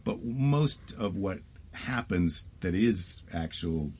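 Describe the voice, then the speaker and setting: Low-voiced comedian chatting. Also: male voice, expressive, takes it slowly, a little mellow, breathy edge. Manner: storytelling, acts out quoted lines. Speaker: stand-up comedian guest. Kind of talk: casual chat.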